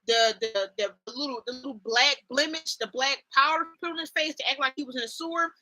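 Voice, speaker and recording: A young woman chatting through a TV show in a casual vlog, with a high voice and a very bright, sharp tone. She's animated and slangy, laughs a lot, and keeps breaking into mock accents. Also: a little fast. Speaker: host.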